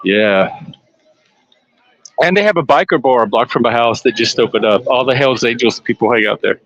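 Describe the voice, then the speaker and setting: A man's voice: medium pitch, moderate pace, highs cut off. Chatty man at a street parade. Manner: chatty, excitable, talks to listeners. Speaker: live stream panelist. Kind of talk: casual live-streamed commentary from a parade.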